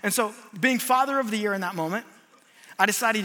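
A man giving a sermon as a guest preacher, telling a funny story on himself in an animated, self-mocking way. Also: sits high, fairly quick, long reverb tail.

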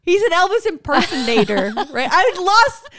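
A woman's voice: very high-pitched, normal speed, no room sound, studio quality. A middle-aged woman co-hosting a podcast, telling a funny story with lots of swearing and laughter. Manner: profane, animated, laughing storyteller. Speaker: podcast co-host. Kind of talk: casual comedic storytelling chat.

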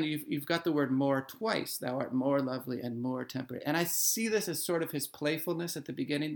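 A man explaining a poem in a playful, animated way in conversation, then reading verse slowly. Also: fairly high pitch, creaky. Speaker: literature scholar. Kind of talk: conversational discussion and poetry reading.

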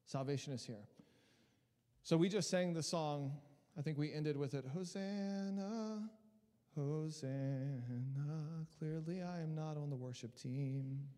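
A man preaching a sermon with impassioned delivery, repeating phrases as he builds from quiet to loud. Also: on the high side, moderate pace. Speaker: pastor. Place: church hall. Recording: long hall reverb with faint music.

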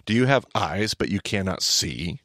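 A man's voice: low voice, moderate pace, dry recording, studio quality. A man hosting a podcast, teaching in casual chat and acting out the lines he quotes. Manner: animated storyteller, acts out quoted lines.

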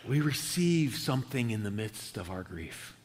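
A man preaching a conversational sermon as pastor, earnest and halting, often restarting his sentences. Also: medium pitch, very animated. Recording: long hall reverb.

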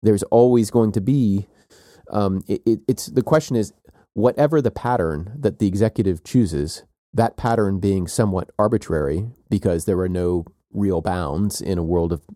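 A man's voice: low-pitched, moderate pace, warm tone, no room sound, clean studio sound. A man co-hosting an academic talk, thinking aloud at length with playful asides and frequent "right?". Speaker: podcast co-host. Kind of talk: academic conversation.

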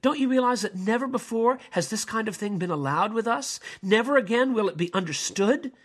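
A man's voice: sits high, lively intonation, a little fast, husky, voice pushed up. A man acting out an older male bishop who is indignant and pleading, declaiming with rising passion.

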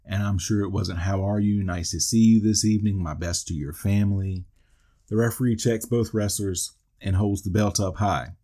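A low-pitched man with a dark, husky voice talks through a wrestling match move by move. He tosses in dry jokes and asides as he goes, in the steady manner of a podcast host. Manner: dry asides and wisecracks between call-outs. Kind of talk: play-by-play recap of an old wrestling event.

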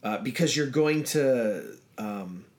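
A man co-hosting a casual chat about running tabletop games, talking in a relaxed, rambling way with many fillers and restarts. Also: mid-range voice, takes it slowly. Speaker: podcast co-host.

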